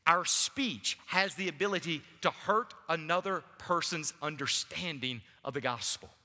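Man, pastor, sermon with casual asides, fairly high voice, church reverb. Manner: animated preaching with audience asides. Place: church sanctuary. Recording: long church hall reverb.

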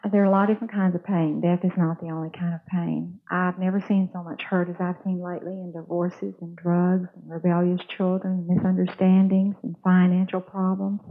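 A woman's voice: fairly low pitch, flat delivery, a little fast, few pauses. A woman preaching a sermon in an earnest, storytelling manner. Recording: tinny phone-like sound.

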